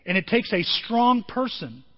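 A male pastor with a high voice delivers a conversational sermon, acting out quotes as he goes. His voice rings with a long reverb. The recording is dull and lo-fi. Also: measured pace. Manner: conversational, animated storytelling with acted quotes.

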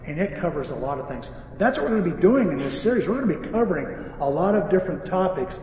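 A man preaching a sermon, telling an animated story with acted-out dialogue. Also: sits high, fast talker, lo-fi sound, a little hiss or hum. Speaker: pastor and repair-shop owner. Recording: echoey hall, voice from far off, faint ambience.

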